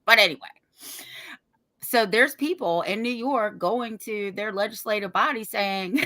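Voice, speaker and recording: Bright-voiced defiant woman podcaster. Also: mid-range voice, slow, pauses often. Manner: defiant, animated, swears and laughs. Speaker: podcast co-host. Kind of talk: casual storytelling on a podcast.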